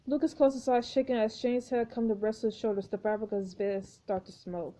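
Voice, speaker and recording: A woman reads a mobile story game aloud for a walkthrough in steady, hushed narration. Her voice is high yet mellow and soft-edged. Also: a little fast, few pauses.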